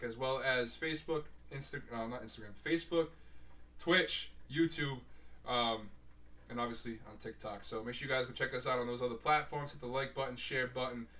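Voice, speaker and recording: A man's voice: mid-range voice, bright, forceful tone. A man co-hosting a casual live-streamed show over a video call, laid-back and calling people bro and man. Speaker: podcast co-host.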